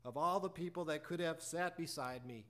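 A preacher telling a personal story in a sermon, acting out both sides of a conversation and reciting hymn lyrics. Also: male voice, fairly high pitch, moderate pace. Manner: animated storyteller acting out dialogue.

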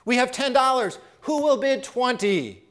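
A man's voice: extremely high pitch, lively intonation, unhurried, fairly bright tone, voice pushed up, full character voice. A man doing an insistent auctioneer. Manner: insistent, repeating his call. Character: persistent male auctioneer, calm and insistent.

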